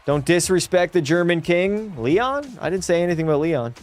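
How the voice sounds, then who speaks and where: Excitable young man yelling at a hockey game. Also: high-pitched, normal speed, soft background music. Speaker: gaming streamer. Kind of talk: live gameplay commentary.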